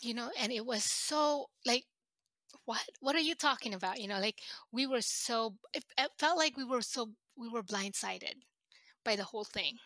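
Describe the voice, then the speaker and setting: A middle-aged woman recounting a painful family story in an interview, halting and emotional with many restarts. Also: fairly high pitch, sharp tone, no echo. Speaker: guest.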